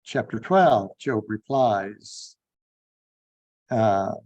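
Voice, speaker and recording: A man teaching a Bible class, unhurried and thinking aloud with frequent fillers. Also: lowish voice, lively intonation, darkish tone, dull audio. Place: online classroom.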